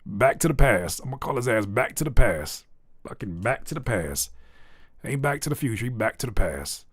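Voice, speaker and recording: A man hosts a live music-review stream, and his pitch jumps all over the place as he jokes and roasts. His talk is profane and playful, full of wordplay. The recording is dry and close, with almost no room sound. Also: big pitch swings, moderate pace, dry recording. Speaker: music reviewer and livestream host. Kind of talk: live music feedback stream, joking and critiquing.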